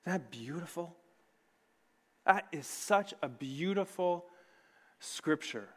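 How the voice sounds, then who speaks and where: A man preaching a sermon in a church, earnest and conversational, with sudden swings between loud and soft. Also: fairly high pitch, animated, takes it slowly, pauses often, husky. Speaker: pastor. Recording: long reverb of a large hall.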